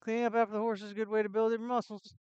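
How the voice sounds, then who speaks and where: A woman's voice: on the high side, little pitch movement, very fast, darkish tone, smooth, dry recording, dull audio, lightly acted. A woman voicing a solemn male castle gatekeeper, reading the game's lines in plain speech. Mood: informative. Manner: plain game-text reading.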